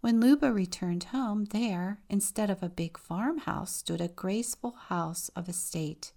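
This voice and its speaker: A woman deacon reading a children's picture book aloud in a measured, expressive way. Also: medium pitch, gravelly.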